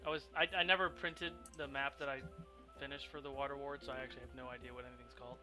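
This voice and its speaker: A man's voice: mid-range voice, flat delivery, rapid-fire, over music. A man narrating as game master of a tabletop role-play, rambling with lots of ums and restarts. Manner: rambling, filler-heavy, self-interrupting.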